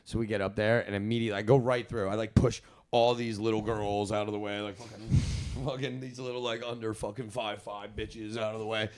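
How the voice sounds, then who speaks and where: A man's voice: fairly low pitch, flat delivery, fairly quick, hardly any pauses, crowd noise. A young man co-hosting a podcast, telling a rambling, profane party story, often laughing mid-sentence and acting out what others said. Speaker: podcast co-host. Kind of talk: casual storytelling chat.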